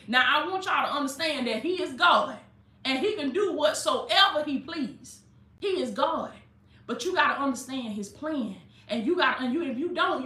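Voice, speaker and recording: Bright fervent woman preaching online. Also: high-pitched, reverberant. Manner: fervent call-and-response preaching, addresses viewers as baby. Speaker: preacher and life coach. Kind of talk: informal online sermon.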